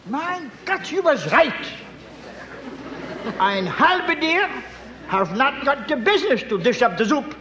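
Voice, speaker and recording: A shrill blustering German innkeeper. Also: male voice, big pitch swings, slow pace, pauses often, bright, forceful tone, roomy sound, some chatter behind, a little hiss or hum, heavily acted. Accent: put-on German. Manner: bombastic, broken English. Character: blustering comic German innkeeper, middle-aged man. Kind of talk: broad comic radio-play acting.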